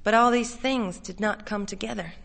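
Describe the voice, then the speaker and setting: A woman giving a measured, steady reading of a literary short story. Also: mid-range voice, gravelly. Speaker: reader.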